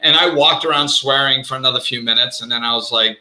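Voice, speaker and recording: A man with a very bright, forward voice, talking in a casual, animated way as the host of a live show. He acts out bits of dialogue and laughs at himself. The sound is echoey, as if recorded in a hard room. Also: mid-range voice, quick pace, few pauses. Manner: animated, self-mocking, acts out quotes.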